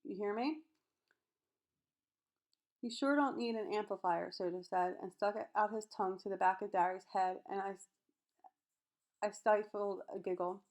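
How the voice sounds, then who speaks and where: An audiobook reader, a woman, reads a novel chapter aloud, voicing every character in her own voice and occasionally stumbling and restarting a word. Her mid-range voice is steady and darkish, at normal speed.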